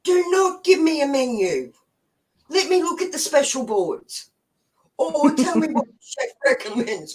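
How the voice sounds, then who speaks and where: A woman's voice: on the high side, far from the mic, low-quality recording. An Australian woman in her forties hosting a live stream, telling stories in a chatty way, swearing freely and laughing often. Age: 40s. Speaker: host. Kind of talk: casual live-stream storytelling.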